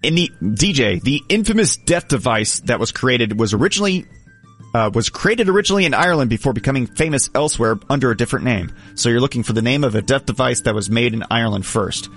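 Man, quiz host, playful, animated delivery, reads out options, soft music underneath. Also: mid-range voice, fast talker. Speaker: game show host. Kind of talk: casual comedy quiz hosting.

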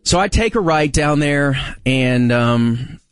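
A man in his forties telling a story in casual chat, acting out the quotes with big jumps in pitch. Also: expressive, slow, clean tone, no echo, studio quality, soft background music.

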